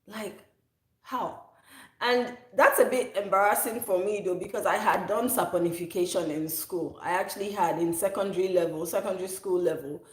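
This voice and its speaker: A woman's voice: medium pitch, steady tone, fairly quick, hardly any pauses. A woman in her thirties, a soap maker talking casually in a rambling, self-correcting way. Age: 30s. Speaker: soap maker, channel host. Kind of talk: casual chat. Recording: echoey room.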